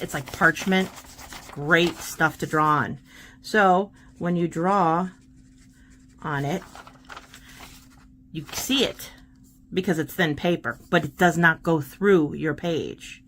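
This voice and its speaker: A woman's voice: lowish voice, fairly bright tone, slight background noise. A woman hosting a casual art tutorial, chatting and encouraging while she demonstrates paint pens.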